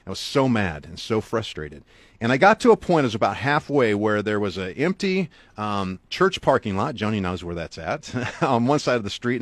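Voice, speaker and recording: A middle-aged man, an author and guest speaker, earnestly telling a motivational story to the listener with big swings for emphasis. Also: no echo. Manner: earnest, talks straight to the listener; wide swings in pitch and loudness for emphasis.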